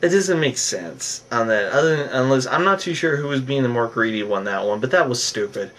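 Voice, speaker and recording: A man casually recapping a reality TV episode, rambling and animated, acting out what the cast said. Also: medium pitch, fairly quick, recorded from a distance. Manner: rambling, animated, acts out cast members' lines.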